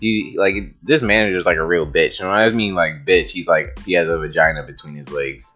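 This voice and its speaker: A young man with a low, deep voice tells a story straight to camera, loose and rambling. He swears freely and leans on "like" between his words. Faint music plays underneath. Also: steady tone, a little fast, sharp tone, dull audio. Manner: rambling, profane, with frequent "like" fillers and laughs. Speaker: vlogger telling a story. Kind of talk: casual storytelling monologue.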